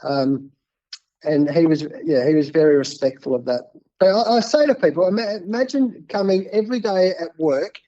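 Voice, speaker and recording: A man in his fifties with an Australian accent, a cricket coach being interviewed, telling stories in a casual, animated way and often repeating words. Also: sits high, highs cut off.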